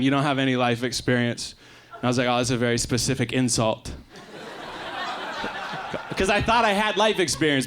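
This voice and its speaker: A young Canadian man performing a stand-up set in a comedy club, with quick deadpan asides. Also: mid-range voice. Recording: live club recording with faint crowd noise. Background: faint audience laughter.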